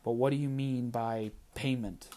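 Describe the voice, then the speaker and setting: A man's voice: medium pitch, steady tone, mellow, natural voice. A man reading as a stern distrustful sky god. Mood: skeptical. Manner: measured, accusing. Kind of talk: audiobook character reading.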